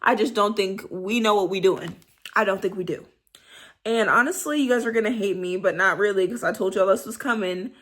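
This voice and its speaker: A young woman talks straight to camera in a loose, slangy vlog style. She is candid and animated, sometimes sinking into soft, breathy whispers. Her pitch sits in the middle for a woman. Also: fairly quick. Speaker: vlogger. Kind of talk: casual vlog monologue.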